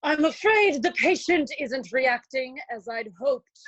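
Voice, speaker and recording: A woman's voice: sits high, animated, a little slow, a bit bright, no room sound, full character voice. An actress playing a cool, sardonic female doctor who speaks in a dry, cutting way. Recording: dull, dry lo-fi recording.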